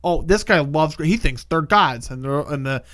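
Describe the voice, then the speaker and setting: A man's voice: on the high side, animated, moderate pace, a bit bright, no echo. A man co-hosting a casual movie review podcast, rambling and profane, slipping into silly voices for the characters. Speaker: podcast co-host.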